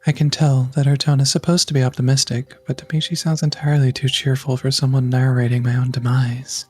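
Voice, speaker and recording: A man's voice: medium pitch, level tone, brisk, a little mellow, breathy edge, faint music behind, close to an everyday voice. A man reading the inner monologue of a wry young woman facing her own death. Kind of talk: voice-acted visual novel read-along.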